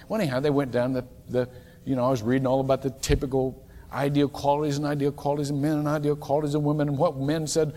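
A man preaching a sermon as a pastor, animated and emphatic, with many rhetorical questions to the congregation. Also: on the high side, in a large hall. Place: church sanctuary.

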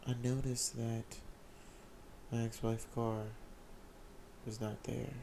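A young man candidly telling a personal story in casual slang, often halting and repeating his words. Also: medium pitch, level tone, gravelly, dark tone, a little hiss or hum. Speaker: vlogger sharing a personal story.

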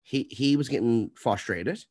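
A man's voice: mid-range voice, expressive, measured pace, darkish tone. A man hosting a podcast, ranting in a heated, profane way during a casual chat. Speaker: podcast host.

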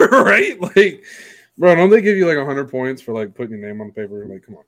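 A man's voice: medium pitch, very animated, a little fast, a bit bright, dry recording. A man telling a story in a casual podcast chat, blunt and profane, acting out the lines of everyone in it. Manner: acts out quoted dialogue. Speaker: podcast guest.

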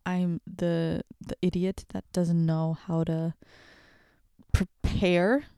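A woman's voice: fairly low pitch, flat delivery, slow pace, mellow, clear, resonant tone, no room sound, clean studio sound. A woman hosting a casual solo podcast, rambling and giggling with self-deprecating jokes, wired on late-night coffee. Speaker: podcast host. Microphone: podcast microphone.

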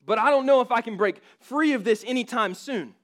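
A man's voice: very high voice, a little fast, a bit bright, voice pushed up. A man reading the part of a guilt-laden sinner who protests that he is unworthy, urgent and pleading.

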